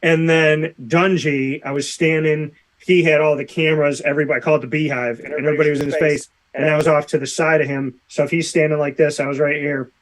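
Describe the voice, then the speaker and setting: A male sports radio host with a somewhat high voice, chatting casually with a guest. He tells stories with animation and acts out the people he quotes. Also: little pitch movement, fast, few pauses. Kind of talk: casual interview chat.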